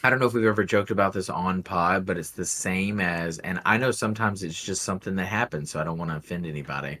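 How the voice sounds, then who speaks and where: A man's voice: deep voice, fast talker, pushed and bright. A man co-hosting a podcast, chatting casually while tasting a beer, rambling with a wry, dry humor. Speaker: podcast co-host.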